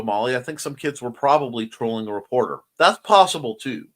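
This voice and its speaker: A drowsy man hosts a casual morning livestream from a room at home by a window, yawning as he greets viewers, reads their comments, rambles and jokes. His medium-pitched voice is fairly bright, with lively intonation and a fairly quick delivery with few pauses.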